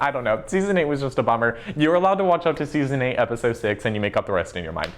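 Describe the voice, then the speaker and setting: A man giving a casual interview as a show fan, swearing freely, laughing often and filling pauses with ums. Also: medium pitch, lively intonation. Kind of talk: casual chat.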